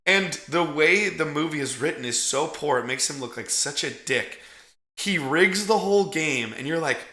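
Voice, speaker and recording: A man co-hosts a casual movie review chat with a bright, forceful voice. He talks in an animated, profane way and acts out character lines mid-sentence. The sound bounces around an echoey room. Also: fairly high pitch, normal speed. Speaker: podcast co-host.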